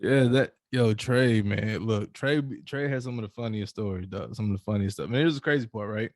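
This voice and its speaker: A man's voice: on the low side, a little fast, darkish tone, dry recording, studio quality. A man hosting a casual podcast chat, talking loosely with slang and laughing often. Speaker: podcast host.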